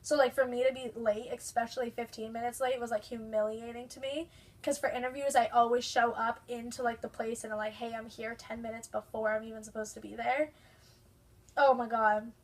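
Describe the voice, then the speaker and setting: A woman's voice: fairly high pitch, little pitch movement, brisk. Chatty young woman venting. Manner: exasperated storytelling, lots of "like" fillers. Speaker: vlogger. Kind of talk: casual rant to camera.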